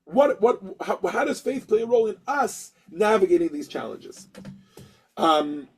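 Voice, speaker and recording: Male teacher with a high, husky voice; lively storyteller who acts out each character. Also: unhurried, rough recording. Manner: animated storyteller acting out characters, frequent restarts. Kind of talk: storytelling lesson.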